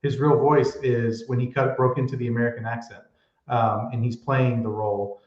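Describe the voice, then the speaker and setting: A man's voice: medium pitch, flat delivery, normal speed, darkish tone. A man co-hosting a casual wrestling podcast, giving firm opinions while thinking aloud and hedging. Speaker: podcast co-host. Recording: echoey room, dull lo-fi sound.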